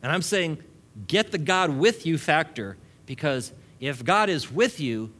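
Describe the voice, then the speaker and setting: A man's voice: on the high side, animated, a little slow, fairly bright tone. A male pastor preaching a sermon to a congregation, building long repeated lists and chuckling often between points.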